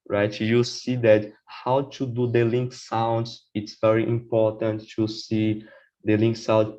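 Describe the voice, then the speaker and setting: A man's voice: on the low side, flat delivery, slow, a little mellow, muffled recording. A man speaking as a guest on a casual podcast about learning English. He talks hesitantly, often saying "for example" and "right?".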